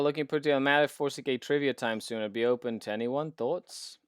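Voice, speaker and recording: A man's voice: medium pitch, fast, clear, resonant tone, no echo, clean studio sound. A man hosting a casual live hobby stream while painting miniatures, playful and enthusiastic as he chats with viewers at his desk mic.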